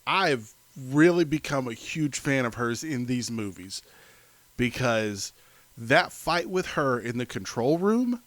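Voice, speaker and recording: A man co-hosting a podcast in casual chat who rambles with enthusiasm and fills his pauses with many fillers. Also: mid-range voice, very animated, a bit bright, a little hiss or hum. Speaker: podcast co-host.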